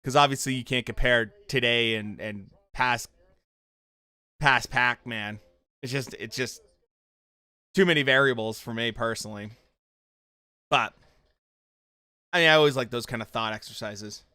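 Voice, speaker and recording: Bright, crisp-voiced man chatting on stream. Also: mid-range voice, unhurried, long pauses, no room sound. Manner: chatty, reacts to chat and the show with loose fan talk. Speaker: streamer hosting a watchalong. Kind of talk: casual livestream commentary.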